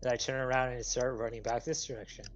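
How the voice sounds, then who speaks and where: A man playing a tabletop game over voice chat, hesitant and filling pauses as he describes his character's moves. His voice comes through dull and lo-fi, with the muffled top of cheap chat audio. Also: mid-range voice, little pitch movement. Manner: hesitant, many filler sounds. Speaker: player.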